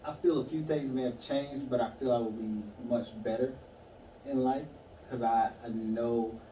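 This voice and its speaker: A man in a casual conversation, sharing a painful memory in a halting, reflective way. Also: mid-range voice, fairly even intonation, warm tone. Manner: halting, reflective, many fillers. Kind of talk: casual conversation, personal story. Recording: echoey room, far mic, some noise.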